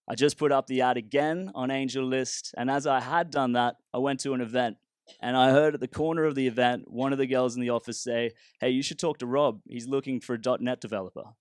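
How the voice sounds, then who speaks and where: A man's voice: medium pitch, clean tone, no echo, clean studio sound. A man, a startup founder giving a casual, humorous storytelling talk with a self-deprecating touch.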